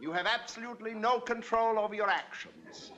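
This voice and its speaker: A man's voice: high-pitched, expressive, brisk, lo-fi sound. An actor playing a fussy, pompous male singing teacher in a 1960s sitcom, drilling his pupil with theatrical vocal exercises. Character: fussy, pompous middle-aged male voice coach. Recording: loud studio audience laughter, noisy old TV soundtrack.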